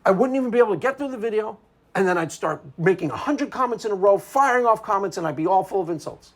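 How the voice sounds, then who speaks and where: A man's voice: high voice, expressive, fast talker. Male video commentator, unscripted monologue, sarcastic and combative, hammers each point twice.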